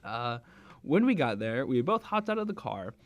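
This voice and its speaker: A man's voice: mid-range voice, big pitch swings, normal speed, no room sound. A young man hosting a comedy read-through of fan fiction, giggling and stumbling over names with chatty asides. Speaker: host reading fan fiction aloud.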